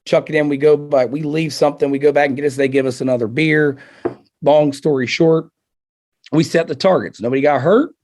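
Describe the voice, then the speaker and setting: A man, a target setter, telling a story in a relaxed, animated way and acting out quotes. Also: a little high, a little fast. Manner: animated, acts out quotes with laughs. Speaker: target setter, podcast guest. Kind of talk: casual storytelling.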